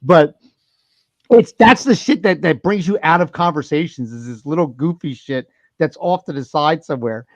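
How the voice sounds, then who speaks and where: A man hosting a podcast, telling animated party stories in casual banter, swearing and laughing often. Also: a little high, normal speed, dry recording, highs cut off. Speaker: podcast host.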